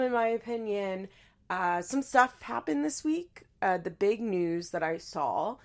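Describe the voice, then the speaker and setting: Casting note: young woman, podcast host, hoarse and congested, gravelly fry, casual rambling chat with laughs and fillers. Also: lowish voice. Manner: chatty, laughs often, many fillers and restarts. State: stuffy nose and hoarse voice.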